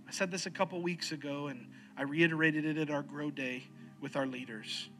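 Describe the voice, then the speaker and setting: A pastor preaching an earnest sermon, slowing and dropping low to press his points. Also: fairly even intonation, a bit bright, soft background music.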